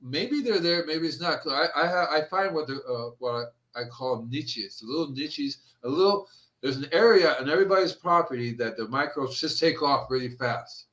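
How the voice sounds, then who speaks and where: A man hosting a gardening show, chatting casually and telling animated stories that he acts out. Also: mid-range voice, normal speed. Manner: animated storyteller, acts out quotes. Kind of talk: casual podcast chat.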